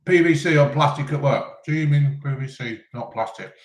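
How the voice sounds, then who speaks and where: A man rambles through a live chat between mouthfuls, with lots of ums. His voice sits a little high for a man. The room rings with a noticeable echo. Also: normal speed. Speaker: live-stream host answering chat. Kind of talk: casual live chat while eating. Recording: roomy echo.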